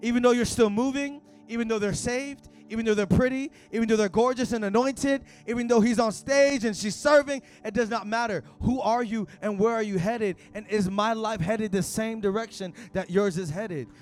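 A man preaching a sermon at a church service in casual, slang-filled talk that rises to shouts. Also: high voice, normal speed, few pauses, faint music behind. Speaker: pastor.

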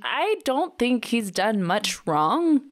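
A woman's voice: on the high side, sing-song, slow, slight background noise. A woman co-hosting a podcast in casual chat, earnestly explaining her view at length. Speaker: podcast co-host.

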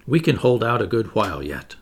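A man voicing a serene, deferential manservant who speaks calmly and politely. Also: lowish voice, fairly quick, husky, exaggerated voice. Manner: calm, polite, unruffled.

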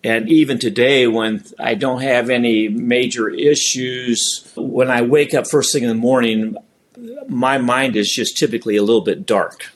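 Middle-aged man, earnest, reflective guest storyteller, halting phrasing, medium pitch. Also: fairly even intonation. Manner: earnest, halting, recounts prayers aloud. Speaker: guest, ministry founder.

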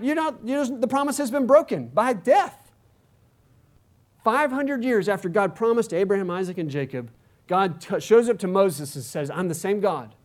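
A man's voice: high voice, a little mellow. A man preaching a sermon as pastor, talking conversationally and asking the congregation rhetorical questions.

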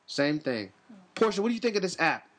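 A man's voice: a little high, sing-song, brisk. A man in casual comedic banter, rambling and crude, jumping between ideas and slipping into mocking voices.

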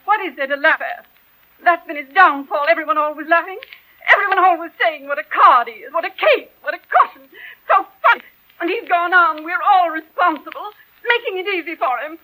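An actress playing a gentle, sensitive spinster aunt in a 1940s radio play, speaking softly and emotionally. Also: female voice, very high-pitched, lively intonation, brisk, heavily acted, poor audio. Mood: upset. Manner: soft-spoken, emotional. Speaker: unmarried aunt.

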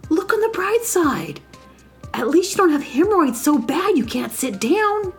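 A woman's voice: extremely high pitch, very animated, a little slow, soft background music, pitched above the performer's own voice, heavily acted. A woman putting on a relentlessly upbeat male optometrist who gives folksy pep talks. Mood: cheery. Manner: cheerfully lecturing, folksy pep talk.

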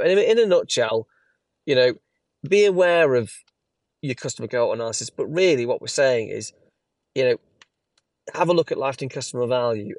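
A man's voice: medium pitch, darkish tone, dry recording. A man co-hosting a business podcast, explaining ideas casually and restarting phrases as he thinks. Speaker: podcast co-host.

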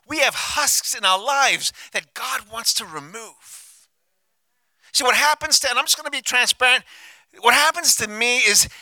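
A male pastor preaching a sermon on a handheld mic, passionate, swinging from hushed, intimate lines to loud declarations. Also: very high-pitched, no room sound.

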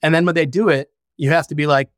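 A man's voice: a little high, steady tone, quick pace, clear, resonant tone, dry recording, clean studio sound. A man speaking as a podcast guest, a founder and father who talks frankly and reflectively and swears casually. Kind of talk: candid conversational interview.

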